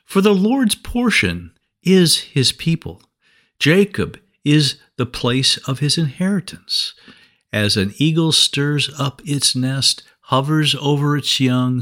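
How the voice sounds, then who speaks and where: A male Bible teacher speaks slowly and deliberately in a sermon-style lesson. His voice rises and falls widely in pitch as he reads scripture passages aloud, then steps through his explanation point by point. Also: a bit bright.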